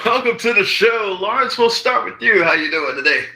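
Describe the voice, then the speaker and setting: A man's voice: sits high, lively intonation, normal speed, gravelly, sharp tone, slight background noise, low-quality recording. A man hosting a game show in a playful, teasing way. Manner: joking, teasing contestants.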